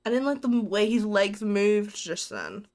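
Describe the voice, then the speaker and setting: A woman's voice: medium pitch, moderate pace, darkish tone. A woman streamer with an Australian accent, giving live commentary on a horror game in a jumpy, giggly way, squealing and muttering to herself.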